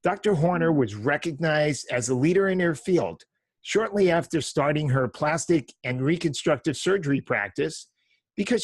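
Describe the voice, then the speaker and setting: A man's voice: on the high side, slightly rough, dry recording. Man in his fifties hosting a podcast. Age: 50s. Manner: reads a formal guest introduction, with fillers. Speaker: podcast host, chiropractor. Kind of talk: interview podcast.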